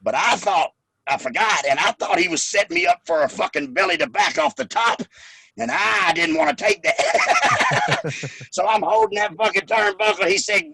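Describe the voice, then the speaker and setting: Animated, gravelly-voiced man telling stories. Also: high voice, moderate pace, dry recording. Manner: animated, profane, laughing while telling stories. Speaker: guest, former pro wrestler. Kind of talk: casual storytelling interview.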